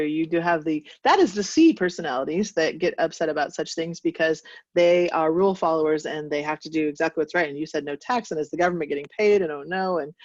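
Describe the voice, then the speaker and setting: A woman's voice: on the low side, no echo, highs cut off. A woman leading a sales team meeting in a casual, chatty way, laughing often and poking fun at herself.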